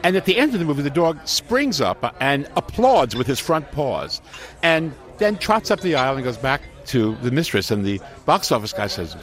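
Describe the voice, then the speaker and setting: A man telling a long joke in a lively storytelling manner, acting out the characters' lines. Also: medium pitch, normal speed. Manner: animated, quoting characters with lively shifts. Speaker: podcast host telling a joke.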